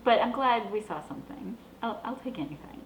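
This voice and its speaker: A woman's voice: fairly high pitch, fairly quick, reverberant, rough recording. A young adult woman from the Boston area hosting her own show, talking in a chatty, gushing way. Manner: chatty, gushing, animated with laughs. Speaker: vlog host. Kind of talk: casual chat.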